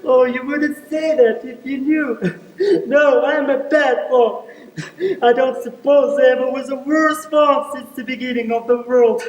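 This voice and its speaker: A man acting out a gentle, guilty faun in a stage play, with a very high, light voice. He speaks in wistful, pleading tones from far back on the stage. The sound rings through a large, echoey hall. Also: steady tone, measured pace. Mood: remorseful. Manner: wistful, then tearful and pleading. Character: remorseful gentle male faun, tearful and guilty.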